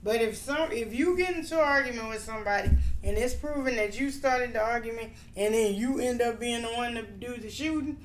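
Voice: medium pitch, a little fast, few pauses. A person talking firmly in a casual chat, laying out points in detail and agreeing often. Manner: firm, explanatory, agreeing often. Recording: roomy echo, faint background noise.

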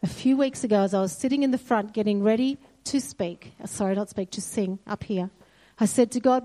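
A woman's voice: mid-range voice, fairly quick. A woman giving a sermon in a church hall, earnest and storytelling. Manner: earnest, storytelling, quotes God softly. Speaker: church speaker.

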